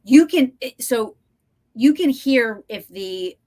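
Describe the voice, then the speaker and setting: A woman hosting a podcast over a video call, telling a story in animated, breathless bursts with lots of restarts and some swearing. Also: fairly high pitch, slow pace. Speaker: podcast host. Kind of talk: casual storytelling chat.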